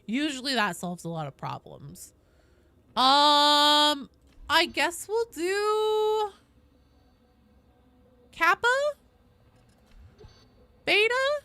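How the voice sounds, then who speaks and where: A woman's voice: sits high, big pitch swings, very slow, pauses often, pushed and bright. A young woman streaming a game, chatting casually with viewers in a bubbly manner and swearing freely. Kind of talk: casual live-stream chat.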